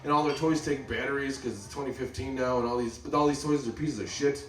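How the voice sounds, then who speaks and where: A man's voice: mid-range voice, fairly even intonation, quick pace, recorded from a distance, slight background noise. A man in his thirties doing a stand-up comedy set, rambling and profane, mocking himself. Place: comedy club stage. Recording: roomy club sound from off-mic, loud crowd laughter. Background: audience laughing.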